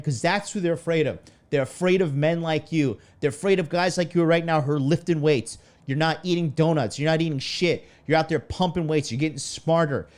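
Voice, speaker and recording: A man with a slightly high voice hosts a casual livestream as a dating coach. He rants in a fired-up, profane, preachy way. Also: a little mellow.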